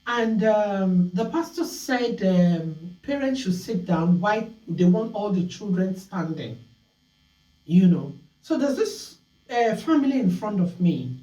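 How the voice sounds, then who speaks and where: A woman hosting a call-in talk show, telling stories in an animated way and acting out scolding voices. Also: medium pitch, slow pace, echoey room, far from the mic, muffled recording.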